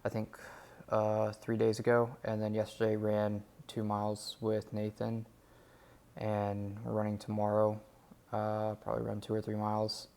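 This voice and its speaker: Low, gravelly-voiced man vlogging candidly. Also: completely flat delivery, measured pace, darkish tone. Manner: rambling, candid, many fillers. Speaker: vlogger documenting his days. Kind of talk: casual daily vlog.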